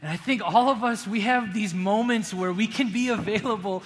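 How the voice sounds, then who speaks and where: A man preaching a sermon as pastor, earnest, rising to emphatic peaks and dropping to hushed appeals. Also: sits high, normal speed, few pauses. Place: church sanctuary. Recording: long hall reverb, faint room ambience.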